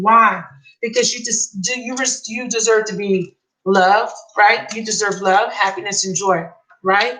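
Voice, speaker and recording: Excited tarot-reading woman, lilt. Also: mid-range voice, a little slow, low-quality recording. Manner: excited, emotional, repeats key phrases. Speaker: tarot reader. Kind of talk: live channeled tarot reading.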